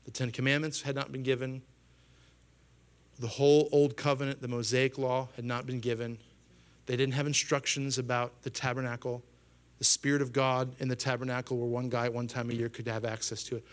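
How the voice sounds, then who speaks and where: A man in his thirties preaching a sermon as pastor, talking in an animated way, acting out quoted voices in a raised pitch and often asking his listeners questions. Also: a little fast. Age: 30s. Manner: asks the congregation questions.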